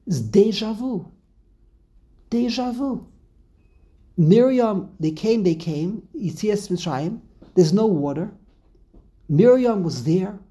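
A woman giving an animated scripture lecture, repeating key phrases for emphasis and using many Hebrew terms. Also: mid-range voice, rough recording. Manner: uses Hebrew terms throughout. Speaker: Torah teacher.

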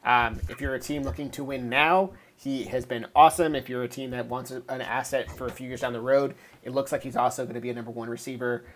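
A man guesting on a podcast, weighing his choices aloud in a measured, casual way. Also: mid-range voice, steady tone, a bit bright, a little hiss or hum.

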